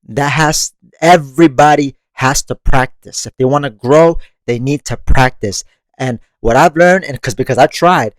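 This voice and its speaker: A man's voice: medium pitch, normal speed, dry recording. A man hosting a monthly meditation podcast, reflecting on growth in a casual, conversational way, laughing often and swearing casually. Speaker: podcast host.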